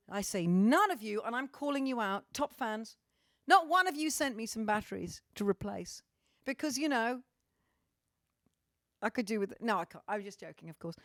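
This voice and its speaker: A woman's voice: fairly high pitch, no room sound, studio quality. A middle-aged woman from Britain chatting cheekily to her fans, swearing freely and joking in a theatrical way. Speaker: vlogger and singer. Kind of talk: casual sweary monologue to fans.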